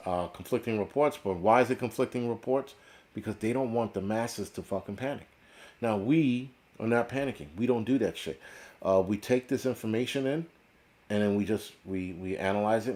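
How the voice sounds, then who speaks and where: A middle-aged man from the United States with a fairly low voice, talking in a loose, profane livestream rant. He swears constantly, repeats himself and restarts sentences as he goes. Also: a little mellow. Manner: blunt, swearing, repetitive restarts. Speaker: prepper channel host.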